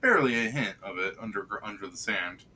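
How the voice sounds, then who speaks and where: A man's voice: lowish voice, animated, quick pace, bright, forceful tone, a little hiss or hum. A man narrating as game master in a tabletop game, joking and laughing often.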